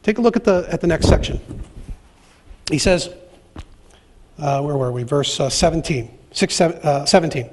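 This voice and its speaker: A man's voice: on the high side, expressive, moderate pace, long pauses, darkish tone. A man preaching a sermon and reading scripture aloud, with dramatic pacing and emphatic, acted-out quotes. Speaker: pastor.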